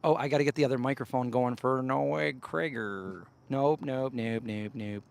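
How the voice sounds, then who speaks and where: A man's voice: medium pitch, moderate pace, gravelly, clear, resonant tone. A man hosting a casual livestream outdoors by a campfire, rambling loosely and breaking off to call his dogs, speaking close into a handheld news-style mic. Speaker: livestream host. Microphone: handheld news-style mic held close.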